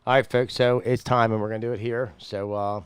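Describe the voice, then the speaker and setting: A man's voice: medium pitch, a little fast, smooth. A man hosting a casual talk show, telling stories with repeated phrases. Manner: animated storyteller, repeats phrases. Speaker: podcast host. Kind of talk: casual chat.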